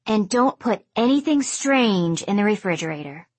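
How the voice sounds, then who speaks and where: A woman's voice: medium pitch, normal speed, breathy edge, dry recording. A woman doing a bored, weary mother. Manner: flat, dismissive. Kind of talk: audiobook character voice.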